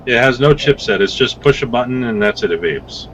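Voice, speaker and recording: A man of ordinary pitch talking casually as a podcast guest. He rambles, acts out what people said, and swears freely. A faint hiss sits under his voice. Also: a little fast, muffled recording. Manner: rambling, animated storytelling with swearing. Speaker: guest vape reviewer.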